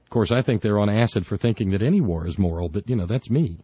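A man's voice: fairly low pitch, fast talker, slightly rough, no echo. A man hosting a call-in radio show, rambling and opinionated with many restarts. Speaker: radio talk show host. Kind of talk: casual call-in radio talk. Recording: dry, slightly dull studio radio.

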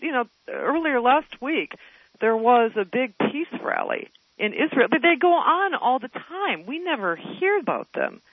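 Female caller, animated and indignant, muffled lo-fi line. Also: high voice, a little slow, slight background noise. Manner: lively, indignant. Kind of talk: casual phone call to radio show.

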